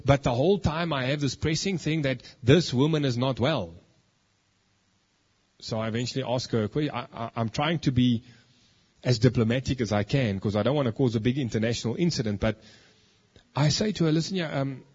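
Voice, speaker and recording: A man, preaching a sermon and telling his own testimony, moving between hushed asides and emphatic declarations. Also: mid-range voice, breathy edge, lo-fi sound. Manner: storytelling, swings from hushed to emphatic.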